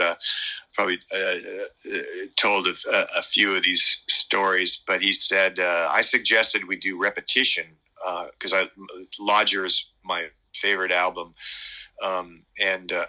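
A middle-aged man talking in a casual interview, rambling and halting with many fillers and restarts. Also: low-pitched, sharp tone, poor audio. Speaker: guest musician.

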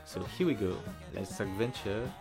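A male podcast host reads a scripted intro in a welcoming tone. His voice sits a little low. Plucked guitar music plays clearly under him. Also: lively intonation, moderate pace.

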